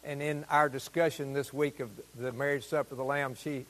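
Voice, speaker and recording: A man preaching a sermon as pastor in a church, exuberant, with loud proclamations. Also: mid-range voice, little pitch movement, brisk. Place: church sanctuary. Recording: long reverb of a church hall.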